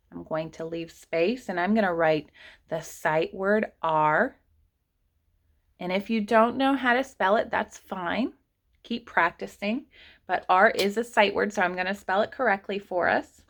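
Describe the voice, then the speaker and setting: A woman teaches kindergarteners online, writing sentences while sounding out every letter. She speaks slowly and patiently, drawing out each sound for small children. Her pitch sits in an ordinary middle range. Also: creaky.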